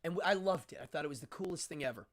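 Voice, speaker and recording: A man's voice: on the high side, very fast. A middle-aged man from Pennsylvania hosting a livestream, casually telling a childhood story and acting out voices. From Altoona, Pennsylvania. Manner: animated, acts out other people's voices in quotes. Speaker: host.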